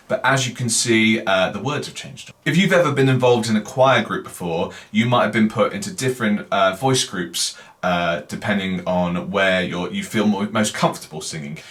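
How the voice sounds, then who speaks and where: A man's voice: on the low side, fairly bright tone. A man teaching singing in a casual lesson, explaining with sung examples.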